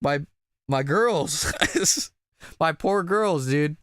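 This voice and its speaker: A man's voice: fairly high pitch, lively intonation, drawn-out words, a bit bright, slight background noise. A man casually reacting while voicing a game on a live stream, swearing and laughing between lines. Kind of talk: live let's-play reaction.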